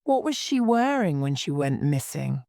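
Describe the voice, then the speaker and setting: A woman reading the part of a serious, calm male police inspector who asks steady, polite questions in a graded story reading. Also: deep voice, normal speed, creaky, dry recording, clean studio sound, heavily acted.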